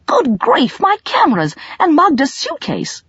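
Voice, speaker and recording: A woman's voice: on the high side, big pitch swings, a little slow, slightly rough, no echo, highs cut off, pitched above the performer's own voice, exaggerated voice. A woman voicing a determined young male traveller who speaks in an earnest, clipped way, in a storybook reading.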